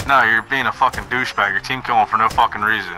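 A man's voice: on the low side, fairly even intonation, fast, sharp tone, low-quality recording. A man in game voice chat, exasperated and cursing constantly at his teammates.

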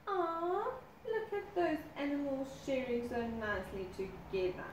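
Animated sing-song preschool teacher reading aloud. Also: female voice, high voice, a little slow, slight background noise. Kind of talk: storybook read-aloud for children. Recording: roomy sound from a distant mic.

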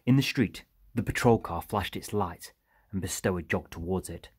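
Male audiobook narrator, deep husky voice, dry close sound, steady telling. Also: moderate pace, dry recording. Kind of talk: scripted narration.

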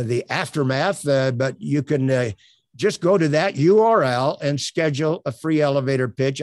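An older man coaching on elevator pitches in an online presentation, earnest and promotional, with many uhs. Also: darkish tone, no echo. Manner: filler-heavy, earnest, promotional. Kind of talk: webinar presentation. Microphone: webcam on a tripod.

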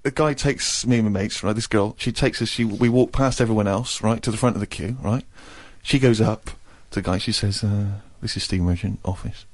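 A man's voice: on the low side, brisk, hardly any pauses. A man in his thirties, co-hosting a radio podcast and telling a comic anecdote, acting out other people's lines. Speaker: co-host.

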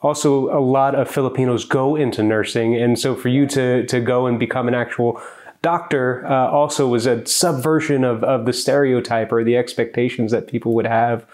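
A man's voice: mid-range voice, fairly even intonation, normal speed, darkish tone. Thoughtful male podcast host from Hawaii. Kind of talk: interview questions.

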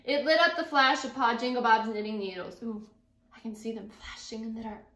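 A woman's voice: on the high side, fairly even intonation, a little fast, sharp tone. A woman teacher expressively reading a picture book aloud and interjecting to her class. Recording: echoey room.

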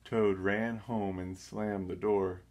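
Slow, low-voiced man reading a storybook. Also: little pitch movement. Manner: slow, gentle, measured. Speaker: storybook reader. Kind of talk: children's read-aloud narration.

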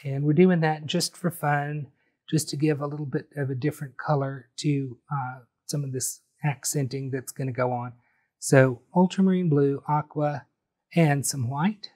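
A man calmly talking through a step-by-step painting tutorial, explaining each brushstroke as he goes. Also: fairly high pitch. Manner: friendly, unhurried, explains each brushstroke as he works. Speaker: painting instructor.

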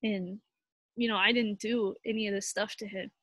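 A young woman telling a personal story in a halting, heartfelt way, full of fillers and restarts, sounding tired. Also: medium pitch, fairly even intonation, a bit bright, no room sound. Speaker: vlogger.

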